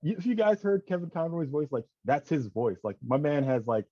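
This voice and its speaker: A man's voice: fairly high pitch, big pitch swings, fairly quick, warm tone. Chill guy on a podcast, lots of likes and you knows, kinda muffled sound. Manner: easygoing, agreeable, lots of fillers. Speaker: podcast guest. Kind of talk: casual chat.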